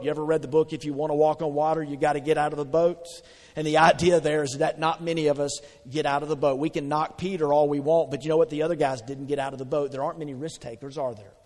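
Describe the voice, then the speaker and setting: A man's voice: fairly high pitch, big-room sound. A man preaching a sermon in a conversational way, asking the congregation questions and answering them. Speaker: pastor.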